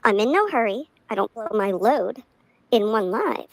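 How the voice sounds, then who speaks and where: A woman's voice: a little high, sing-song, normal speed, dry recording, rough recording. A woman ranting on a live stream from the back seat of a car, profane and fuming, laughing between lines. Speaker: livestreamer.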